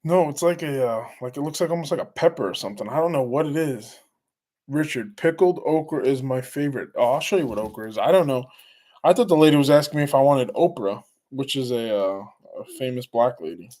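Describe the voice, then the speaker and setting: A man's voice: medium pitch, fairly quick, darkish tone. A middle-aged man hosting a casual live stream, rambling through stories and chatting with viewers. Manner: rambling, laughs while telling stories. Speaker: livestream host.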